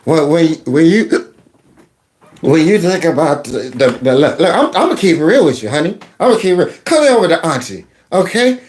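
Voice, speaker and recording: A man's voice: fairly high pitch, big pitch swings, a little fast, darkish tone, voice pushed down. A man voicing a tipsy middle-aged auntie who rambles and slurs, calling the listener honey and baby. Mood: tipsy doting. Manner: slurring, doting, rambling. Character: tipsy loud middle-aged aunt, woman.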